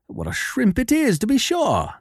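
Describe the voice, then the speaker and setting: A man voicing a cool, shrewd detective who speaks in a measured, quietly sardonic way in an audiobook. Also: extremely high pitch, wildly swooping pitch, no echo, clean studio sound, voice pushed up, exaggerated voice. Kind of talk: audiobook character voice.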